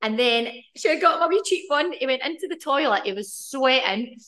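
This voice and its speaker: Giggly Scottish woman with a high voice. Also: animated, moderate pace, fairly bright tone. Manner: giggly, bubbly storytelling. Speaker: podcast co-host. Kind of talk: casual chat.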